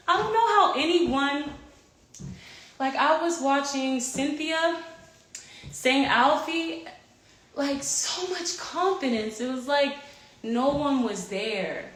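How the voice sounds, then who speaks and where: A woman's voice: high-pitched, fairly bright tone. Candid, profane woman in her thirties. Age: 30s. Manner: candid, rambling, swears freely. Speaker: singer filming herself at home. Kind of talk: casual chat to camera. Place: home with a yard.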